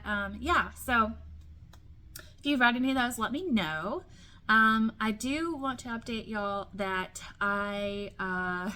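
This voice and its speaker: A woman's voice: medium pitch, sharp tone. Chatty woman book vlogger. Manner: chatty, many ums and restarts, light laughs. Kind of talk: casual chat.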